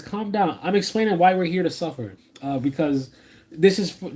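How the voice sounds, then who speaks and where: A man streaming a reaction, rambling and excitable, talking to his chat and restarting his sentences often. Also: a little high, slightly rough. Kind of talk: live stream reaction commentary.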